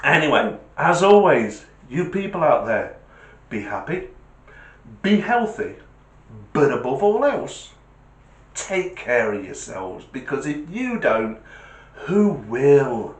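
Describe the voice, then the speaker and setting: A man's voice: medium pitch, sing-song, slow pace, pauses often, roomy sound. A man giving a casual, jokey vlog talk in a chatty storyteller's way. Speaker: vlogger. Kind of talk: casual monologue with a joke.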